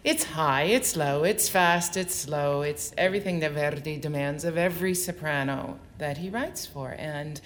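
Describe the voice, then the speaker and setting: This female opera soprano speaks in a strikingly low, deep register for a woman, at normal speed with hardly any pauses. In an onstage interview before an audience, she explains her craft at length, articulate and expressive. A faint hiss runs beneath her voice.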